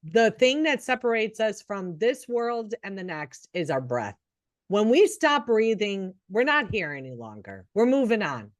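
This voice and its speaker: Middle-aged woman, nurse co-host, earnest and encouraging, mid pitch, dry close mic. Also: sing-song, unhurried, dry recording. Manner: earnest, encouraging, many restarts. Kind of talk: casual podcast chat.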